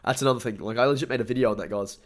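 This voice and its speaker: A man's voice: mid-range voice, rapid-fire. Chatty stuffy-nosed Australian man. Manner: rambling, chatty, upbeat, thanks viewers often. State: stuffy nose. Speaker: streamer. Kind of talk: casual live-stream chat.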